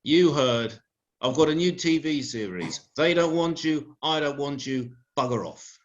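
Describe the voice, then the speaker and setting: A man's voice: on the high side, unhurried, close to an everyday voice. A man playing a brash, crude Sherlock Holmes. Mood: scornful. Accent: British. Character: rude arrogant man as detective Holmes. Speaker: sketch performer. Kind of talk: live comedy sketch. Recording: lo-fi live recording.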